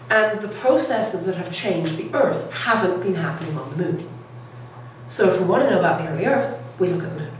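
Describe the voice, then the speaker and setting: Woman lecturing in an echoey room. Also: fairly low pitch. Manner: enthusiastic, keeps checking in with "okay?" and "all right?". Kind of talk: public science lecture. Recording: echoey room, distant mic, faint noise.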